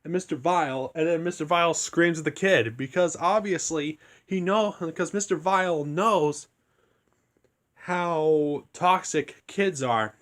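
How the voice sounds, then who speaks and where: A young man with a somewhat high-pitched voice rambles through a casual story recap. He keeps his voice hushed so he won't wake anyone. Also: a little slow. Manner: rambling, hushed to keep from waking others. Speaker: reviewer.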